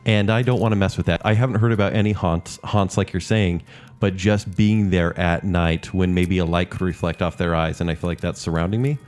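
A man co-hosting a casual chat, talking in a deliberate way. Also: deep voice, fairly even intonation, darkish tone. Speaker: podcast co-host.

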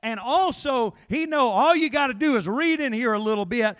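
A male pastor, preaching a sermon that swings between quiet Bible reading and shouted, pleading appeals. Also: very high voice, lively intonation, moderate pace, clean tone.

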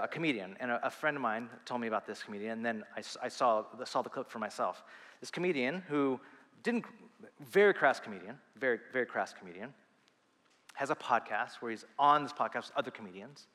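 Earnest, bright-voiced man preaching. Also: medium pitch, big-room sound. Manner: animated, earnest, with quick asides and restarts. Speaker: pastor. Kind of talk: sermon.

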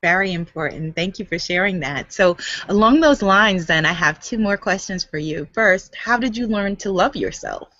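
A woman's voice: mid-range voice, normal speed, few pauses, fairly bright tone, no room sound. A woman hosts an interview and meets her guest's answers with affirming, supportive replies. Her voice sits dry and close, with no room sound. The audio is slightly dull and lo-fi. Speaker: interview host. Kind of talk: conversational interview.

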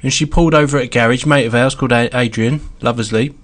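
A man's voice: mid-range voice, fairly even intonation, fast. A man in a casual chat, easygoing as he listens and then tells a story of his own.

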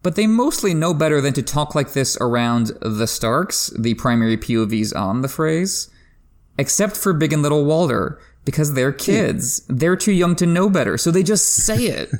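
A man hosting a book discussion podcast, giving enthusiastic literary analysis, pushing his pitch up sharply for emphasis and laughing now and then. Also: lively intonation, normal speed. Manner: laughs while talking. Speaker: podcast host.

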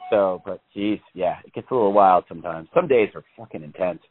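A man's voice: low-pitched, brisk, soft background music. A man chatting casually as a podcast co-host, rambling, swearing and laughing often. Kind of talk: casual chat. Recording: tinny phone-like line.

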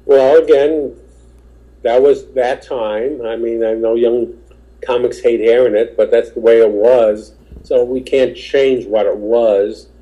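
A man with a very dark, mellow voice spins loose, rambling stories from his stand-up career as a podcast guest. He keeps slipping into the voices of the people he quotes. The recording sounds dull and lo-fi. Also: mid-range voice, steady tone, takes it slowly. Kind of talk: casual anecdotal storytelling.

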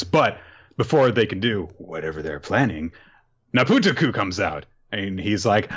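Chatty man with a lively, lowish voice. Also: measured pace. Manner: chatty and animated, laughs often. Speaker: podcast host. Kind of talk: casual chat recapping a story. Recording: dull lo-fi recording.

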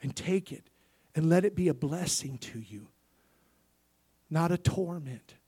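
A male pastor preaching a sermon, swinging between loud bursts and soft near-whispers and calling for amens. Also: fairly high pitch, animated, measured pace, slightly rough.

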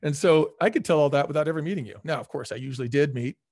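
A middle-aged man, a former restaurant executive, telling stories as an interview guest in an energetic, emphatic way. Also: a little high, very fast, gravelly, breathy edge, no echo, clean studio sound. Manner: energetic, emphatic, acts out quoted people. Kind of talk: casual storytelling in a podcast interview.

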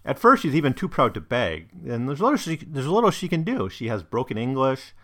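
A man's voice: mid-range voice, huge pitch swings, fast, a bit bright. A man discussing a novel and reading passages aloud, thoughtful, with frequent ums and restarts. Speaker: book reviewer.

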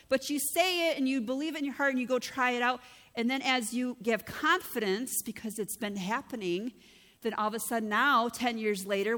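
A woman's voice: on the high side, fairly bright tone. Woman pastor preaching in a reverberant hall. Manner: storytelling, conversational, acts out quoted dialogue. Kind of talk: sermon. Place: church hall.

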